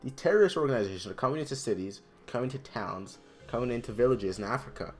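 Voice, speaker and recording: A man's voice: mid-range voice, lively intonation, fast talker, soft background music. A teenage boy in a casual explainer vlog, chatty and emphatic, with restarts and side remarks. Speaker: student presenter.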